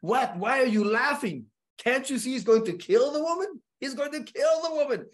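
A man imitating a stubborn, excitable male film producer who talks loudly and pushes hard, with broken grammar. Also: high voice, fairly quick, pitched above the performer's own voice. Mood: indignant. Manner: pushy and loud, with broken grammar.

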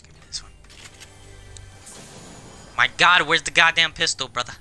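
A young man giving casual, excitable gameplay commentary on his own video, swearing often and jumping between loud outbursts and quiet mumbles. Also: fairly high pitch, moderate pace, smooth, faint music behind. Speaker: gaming video creator. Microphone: camera on face while playing.

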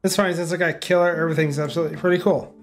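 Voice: mid-range voice, fairly even intonation, very fast, faint music behind. A gaming YouTuber reading every character's lines aloud in a nearly plain voice. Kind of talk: reading game dialogue aloud.

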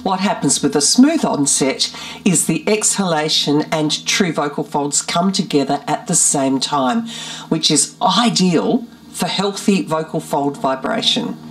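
A woman vocal coach giving a clear, methodical lesson and explaining each step carefully. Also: low voice, measured pace. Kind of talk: scripted teaching.

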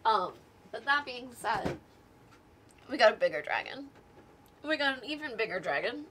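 A woman hosts a casual show-and-tell vlog, gushing with excitement and peppering her talk with fillers. Her voice is bright and forceful, sitting slightly higher than most women's. She sounds openly thrilled by what she is showing. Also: moderate pace, slight background noise. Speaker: guest host showing board game miniatures.

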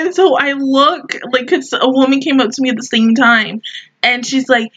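High bright-voiced young woman, giggly. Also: moderate pace. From Southern United States. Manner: animated, giggly storytelling, breaks into laughter. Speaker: anime reaction host. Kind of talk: casual review chat. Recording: dull lo-fi mic sound.

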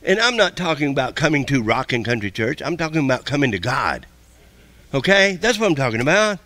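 A man preaching a sermon as pastor, folksy and repetitive, with quick asides to the congregation. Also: medium pitch, very animated, bright, forceful tone, dry recording.

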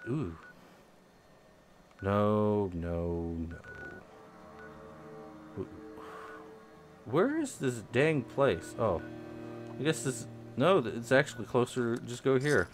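Animated man muttering gameplay commentary. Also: slow, pauses often, soft background music. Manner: mutters low, then bursts into loud, high, exasperated rants. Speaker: game video host.

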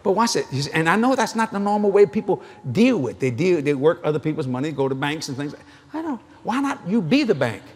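Before a live audience in a large convention hall, a middle-aged man preaches with folksy stories, acted-out dialogue, and frequent laughter. His fairly high voice has big pitch swings and a brisk pace, darkish in tone with a breathy edge.

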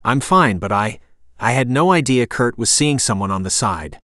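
A frightened young widow pleads and reasons in an earnest storybook voice, as a male narrator puts her on. The delivery sits at a middle pitch and sounds dry and close, with no room around it. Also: lively intonation, moderate pace, a bit bright, no room sound, natural voice. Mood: worried.

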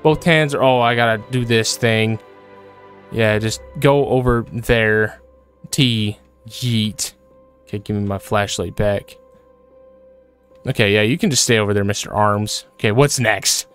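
A man's voice: on the low side, unhurried, fairly bright tone, faint music behind. A man commenting as he plays a horror game, jittery and repeating himself, breaking into frightened yelps. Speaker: gaming video creator.

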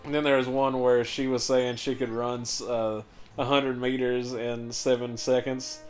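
A man's voice: mid-range voice, level tone, moderate pace, soft background music. A young man co-hosting a let's play, chatting casually, rambling and swearing, laughing as he tells stories. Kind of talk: casual gaming chat.

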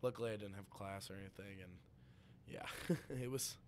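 A young man chatting as a podcast guest, telling an animated story full of laughs and swearing. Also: on the low side, normal speed, a little hiss or hum. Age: young adult. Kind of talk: casual chat.

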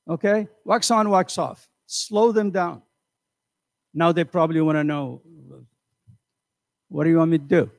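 An older man giving a motivational seminar, animated and conversational, asking the audience questions and acting out voices. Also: a little high, unhurried, vocal fry, long pauses, no room sound, studio quality. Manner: animated, acts out quoted voices. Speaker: seminar speaker. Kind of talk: motivational lecture. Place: community center hall.

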